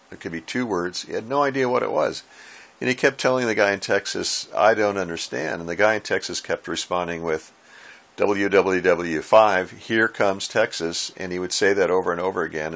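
A man who runs ham radio, explaining its basics from his home radio room in a relaxed, folksy way with dry asides. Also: low-pitched. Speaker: ham radio operator and instructor. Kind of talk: casual how-to explainer.

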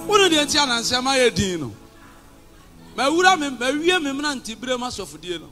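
A male pastor with a Ghanaian accent preaching a combative sermon, shouting and sliding into sing-song phrases. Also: extremely high pitch, very animated, moderate pace, soft background music. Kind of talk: fiery sermon.

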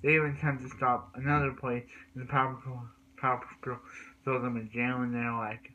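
A man's voice: mid-range voice, flat delivery, fairly quick, pushed and bright, dull audio. A man recapping cartoon episodes in a rambling way, with many restarts and repeated words. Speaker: cartoon reviewer.

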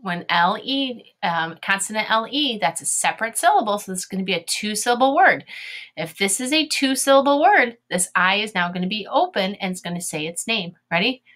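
A woman's voice: medium pitch, expressive, fairly quick, a bit bright. A woman teaching a phonics video lesson, sounding out letters and syllables one by one and asking her young learners encouraging questions.

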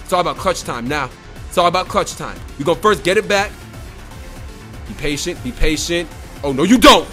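A man giving excited, trash-talking commentary over his own football video game match, repeating his phrases. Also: a little high, normal speed, long pauses, soft background music. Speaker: gaming YouTuber. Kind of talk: live gameplay commentary.

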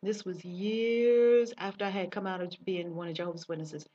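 A woman's voice: lowish voice, fairly even intonation, moderate pace, dark tone, a little hiss or hum. A woman speaking as a spiritual teacher in a personal monologue to camera, telling her story emphatically and repeating phrases for weight. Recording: dull distant recording.

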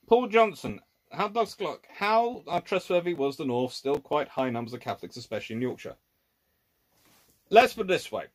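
A man's voice: a little high, expressive, moderate pace. A man hosting a live history Q&A, reading out viewers' questions and answering them off the cuff, thinking aloud with restarts and laying out his points as A and B.

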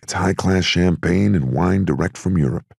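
A man's voice: sits low, normal speed, gravelly, a little mellow, slightly rough, dry recording, clean studio sound, pitched above the performer's own voice, heavily acted. A man doing a brash young mobster. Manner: blustery, streetwise. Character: brash young male Prohibition-era gangster.

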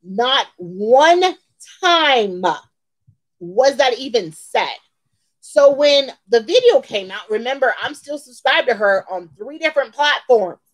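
Venting in a storytime vlog on her beauty channel, a forties-aged host recounts a heated story and repeats lines emphatically for effect. She speaks slowly in a high voice with lively intonation, and the recording quality is low.

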